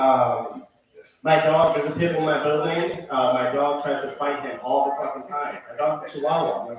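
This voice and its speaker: A man's voice: medium pitch, steady tone, moderate pace. A man doing a rambling, profane open mic stand-up set, full of ums and asides. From Connecticut, USA. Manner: loose rambling delivery with many ums and profanity. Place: small venue with live crowd. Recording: echoey room, far from mic, crowd noise.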